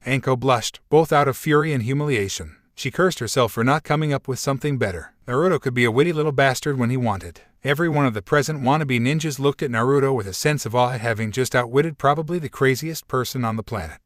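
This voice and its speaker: A man narrating a fan fiction story in an even, steady, synthetic-sounding read. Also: mid-range voice, quick pace, hardly any pauses, no echo, clean studio sound.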